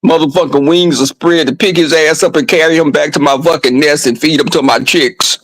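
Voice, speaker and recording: A man's voice: a little high, steady tone, fairly quick, fairly bright tone, dry recording, low-quality recording. A man vlogging, telling crude comedic stories to his viewers in a flamboyant, brash way with lots of swearing.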